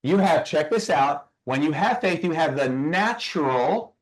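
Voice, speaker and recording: A personal growth speaker, a man whose voice sits high for his sex. He teaches in an emphatic, questioning way and keeps asking his listeners to type their answers in. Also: lively intonation, a little slow. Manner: emphatic, fires rhetorical questions at the audience. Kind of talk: motivational teaching session.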